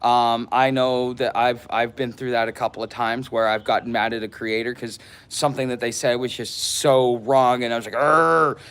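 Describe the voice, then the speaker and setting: Man, vlogger, loose monologue to his viewers, halting delivery full of ums and restarts, mid-pitched voice. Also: little pitch movement, clean tone. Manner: rambling, halting, many fillers and restarts. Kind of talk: casual unscripted monologue.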